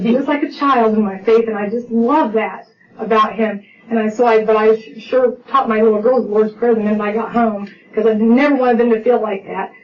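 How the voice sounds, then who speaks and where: A middle-aged woman sharing her recovery story as personal testimony, heartfelt and full of acted-out dialogue and restarts. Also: a little high. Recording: distant, dull lo-fi audio with faint noise.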